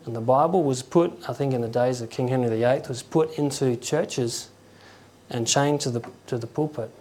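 Man, conversational preacher, halting delivery, acts out stories. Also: mid-range voice, darkish tone. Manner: conversational, halting, with chuckles and acted quotes. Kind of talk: informal sermon.

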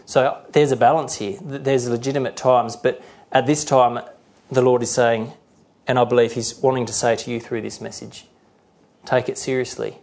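Middle-aged guy preaching, earnest, acts out voices now and then, average pitch. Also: little pitch movement, normal speed, vocal fry, darkish tone. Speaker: pastor. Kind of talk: sermon.

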